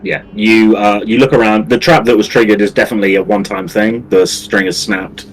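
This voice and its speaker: A man's voice: lowish voice, fairly even intonation, fairly quick, slight background noise, poor audio. A man narrating a tabletop game as game master, easygoing with frequent ums.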